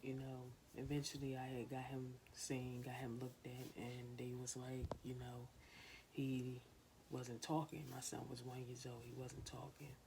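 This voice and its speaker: Very low-voiced woman giving parenting advice. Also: level tone, measured pace, darkish tone, slight background noise, rough recording. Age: 20s. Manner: earnest, repetitive, coaching other parents. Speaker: parenting vlogger. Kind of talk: casual how-to talk to camera.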